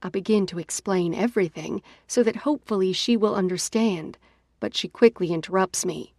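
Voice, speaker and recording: Expressive woman narrating an audiobook. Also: mid-range voice, moderate pace, no echo, studio quality. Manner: expressive, dramatic. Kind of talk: first-person audiobook narration.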